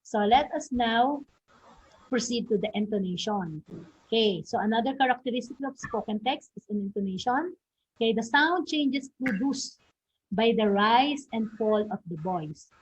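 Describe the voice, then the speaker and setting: A woman teaches a recorded lesson, her voice husky and slightly breathy. She checks in with her students often, tagging points with "okay" and "no?". The audio is dull and lo-fi. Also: on the high side, animated, moderate pace. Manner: frequent "okay" and "no?" tags, models example words and questions aloud.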